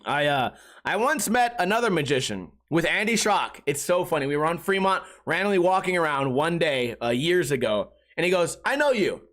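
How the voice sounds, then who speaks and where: High-voiced man telling a casual story. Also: moderate pace. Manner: animated, acts out quotes, laughs often. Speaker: podcast host.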